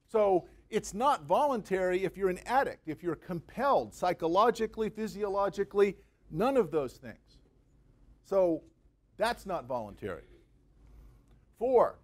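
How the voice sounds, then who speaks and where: A man giving a university guest lecture in a conversational, jokey way, with everyday examples. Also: high-pitched. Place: university venue with a live audience.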